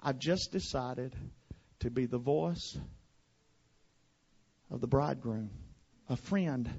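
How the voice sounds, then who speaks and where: A pastor from West Monroe, Louisiana, with a Southern accent, preaching a fiery sermon to a congregation. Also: male voice, medium pitch, slow, husky, dull audio. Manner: fiery preaching, swinging from hushed to shouted.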